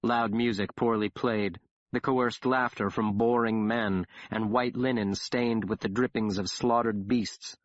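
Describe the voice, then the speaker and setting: A man's voice: fairly low pitch, fairly even intonation, unhurried, no echo. A man narrating an audiobook in the first person, telling the story wryly and dramatically. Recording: dull dry audiobook recording.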